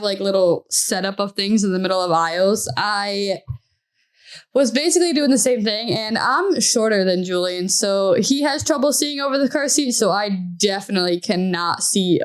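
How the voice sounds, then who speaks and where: A woman's voice: medium pitch, clear, resonant tone. A young woman, a new mother and podcast co-host, chatting casually with lots of fillers and giggles. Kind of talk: casual chat.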